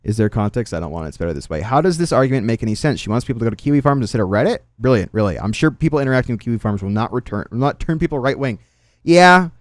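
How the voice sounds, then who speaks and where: A man's voice: mid-range voice, lively intonation, rapid-fire, hardly any pauses, a little mellow, dry recording. Sarcastic male streamer, dry close mic. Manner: sarcastic, swears freely, trails off into mutters. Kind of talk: livestream commentary reading chat and posts.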